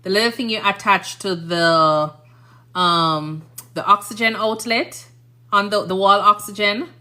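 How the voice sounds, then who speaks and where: Chatty Jamaican woman with a bright voice. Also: mid-range voice, unhurried. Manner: chatty, rambling, often asks "you understand?". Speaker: nurse and livestream host. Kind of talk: casual livestream chat.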